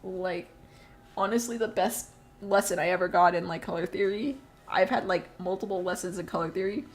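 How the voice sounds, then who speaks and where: A woman's voice: fairly low pitch, normal speed. A teenage girl live streaming, chatting casually and rambling through stories, laughing often and swearing freely. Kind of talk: casual chat while drawing on stream.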